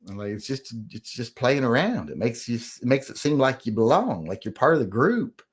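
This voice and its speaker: A middle-aged man talks through a loose livestream chat in a rambling, profane, grumbling way. His pitch swings up and down a lot as he goes. He sounds defensive about his critics. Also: very animated, normal speed, husky. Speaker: host.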